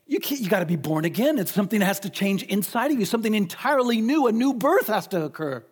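A man preaching a sermon emphatically, asking rhetorical questions and slowing down to stress key points. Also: sits high, sing-song, slightly rough.

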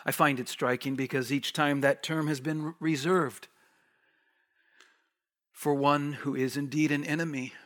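A man preaching a sermon as a pastor, swinging from hushed near-whispers to raised, urgent lines and repeating words for emphasis. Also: a little high, fairly even intonation, measured pace, long pauses.

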